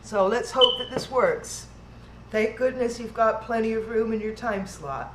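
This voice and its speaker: A woman's voice: fairly high pitch, animated, measured pace, a bit bright. A woman hosting a live-streamed online event, chatty and flustered as she talks through technical trouble on a video call. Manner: chatty, flustered, thinks aloud with restarts. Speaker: event host. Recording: roomy echo, faint noise.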